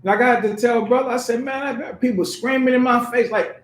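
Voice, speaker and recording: A man with a very high voice preaches in a loose, street-casual way, slipping into quick acted voices to make his point. His voice rings out across an echoey church hall. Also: slight background noise. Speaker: pastor. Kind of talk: sermon with acted examples.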